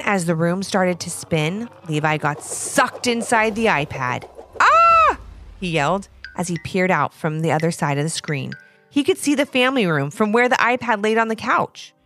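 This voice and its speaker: A woman host narrating a children's story in an expressive, animated way. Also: mid-range voice.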